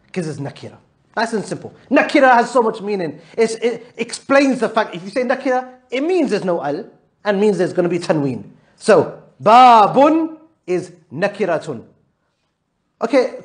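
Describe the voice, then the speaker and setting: A man with a high voice leads an Arabic grammar lesson in a classroom. He quizzes his students patiently with repeated questions and mixes English with Arabic terms. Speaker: Arabic teacher.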